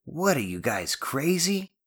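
A man's voice: low voice, expressive, measured pace, bright, forceful tone, full character voice. A man voicing a nervous, skeptical boy who sputters in disbelief. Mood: incredulous.

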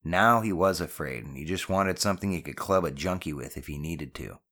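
A man narrating an audiobook with steady, measured storytelling. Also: low-pitched.

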